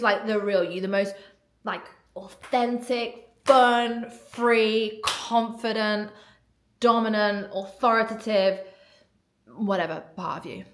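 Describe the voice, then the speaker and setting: A woman talking casually as a mindset coach, animated and blunt, swearing now and then and acting out inner voices. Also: mid-range voice. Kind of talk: casual solo podcast talk. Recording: roomy echo.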